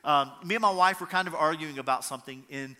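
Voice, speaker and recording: High, bright-voiced man preaching in a hall. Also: fast. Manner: earnest, repeats key lines for emphasis. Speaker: pastor. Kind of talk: sermon.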